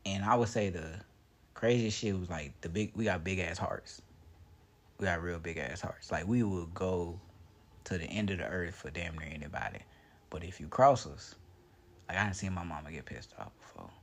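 A young man hosting a casual chat, joking and profane, laughing often and swinging from loud to low. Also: normal speed. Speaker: podcast host.

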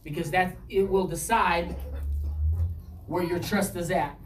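A woman's voice: fairly even intonation, unhurried, pauses often, slight background noise. Woman preacher, scripture reading with acted dialogue, distant mic, echoey room. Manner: reads scripture aloud and acts out dialogue with a shifting pitch. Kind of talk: sermon. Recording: roomy echo, distant from mic, faint ambience.

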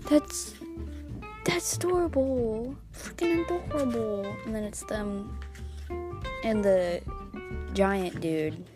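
Young woman, unhurried speech, giggly rambling vlog chat, guitar music behind. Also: fairly high pitch. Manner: rambling, giggly, frequent fillers. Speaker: vlogger. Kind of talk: casual manga review chat.

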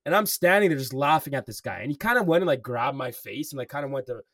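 A man's voice: mid-range voice, animated, fast, recorded from a distance, a crowd in the background. Rambling young man, slangy and profane. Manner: swears a lot, says "bro" and "like" constantly. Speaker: podcast co-host. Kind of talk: casual storytelling chat.

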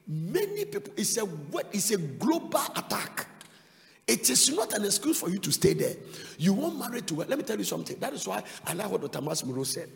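A male pastor preaching an impassioned sermon that swings from loud cries to low asides. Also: wildly swooping pitch, a little fast, vocal fry. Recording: long reverb of a large hall.

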